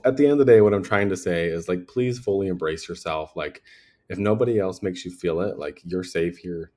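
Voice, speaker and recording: A young man with a low-pitched voice talks earnestly and at length. He speaks in a personal podcast monologue that rambles and is full of fillers. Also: darkish tone. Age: young adult. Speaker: podcast host.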